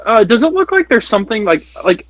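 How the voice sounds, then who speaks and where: A man's voice: sits high, sing-song, a little fast, fairly bright tone, no echo, muffled recording. A man playing a horror tabletop game, hesitant and playful, often stammering. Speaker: player. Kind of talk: tabletop role-play.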